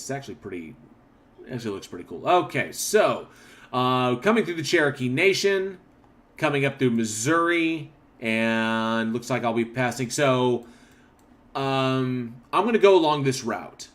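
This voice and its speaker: A man's voice: mid-range voice, a bit bright. Rambling man hosting a livestream. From northern Oklahoma. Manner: rambling, restarts, reads chat aloud. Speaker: livestream host. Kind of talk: casual livestream chat reading comments.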